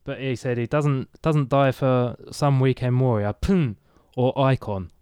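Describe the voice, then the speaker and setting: A man's voice: medium pitch, unhurried, darkish tone, clean tone. A man co-hosting a podcast in casual chat, mostly giving short agreeing replies and chuckling. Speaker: podcast co-host.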